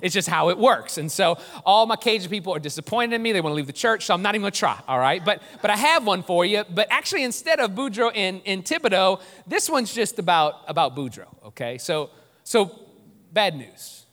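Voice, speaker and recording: A man preaching a sermon as pastor, lively and joking, drawing the congregation in. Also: sits high, a little fast. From New Orleans. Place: church sanctuary. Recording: long church reverb.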